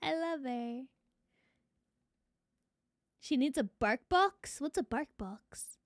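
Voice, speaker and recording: A woman's voice: high-pitched, lively intonation, slow pace, dry recording, clean studio sound. A young adult woman streamer chatting casually to her viewers, swearing freely. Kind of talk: casual live-stream chat.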